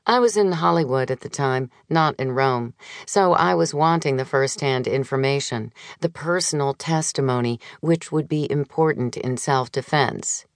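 A woman narrating a memoir audiobook in a measured, wry storytelling manner, recorded close on a studio mic. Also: rumbling low, no echo.

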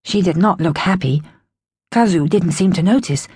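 A woman reads a children's book aloud in the first person, with a lot of expressive rise and fall. Her voice sits fairly low and is soft and breathy. The recording is close and dry. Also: moderate pace, no echo. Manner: expressive, storytelling. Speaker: audiobook narrator.

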